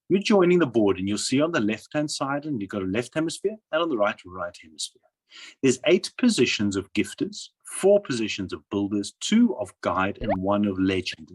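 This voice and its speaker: A man's voice: medium pitch, husky. A man with a South African accent giving a persuasive slide presentation, asking and answering his own questions. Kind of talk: sales presentation over slides.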